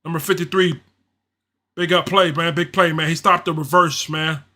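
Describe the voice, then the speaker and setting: Bright, high-voiced ranting fan man. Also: steady tone, normal speed. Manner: frustrated, repetitive, slangy, ranting. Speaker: livestream host doing play-by-play. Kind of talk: casual fan play-by-play and reaction.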